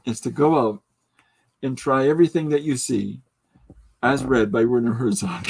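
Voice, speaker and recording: A man's voice: medium pitch, expressive, measured pace, gravelly, long pauses, darkish tone, husky. A man hosting a casual livestream podcast, joking, laughing often and reading out viewer comments. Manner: jokey, tries out voices mid-talk. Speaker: podcast host.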